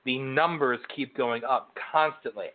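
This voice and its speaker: A man's voice: mid-range voice, a little slow, a little hiss or hum. A man co-hosting a political chat, ranting in emphatic lists. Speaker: co-host. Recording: phone-like narrow sound.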